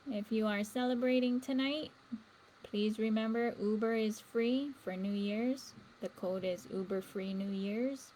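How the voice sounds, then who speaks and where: A woman's voice: on the high side, steady tone, measured pace, dark tone, a little hiss or hum, rough recording. A woman hosting a spiritual livestream, talking earnestly and rambling with fillers. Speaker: livestream host. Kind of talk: casual spiritual talk.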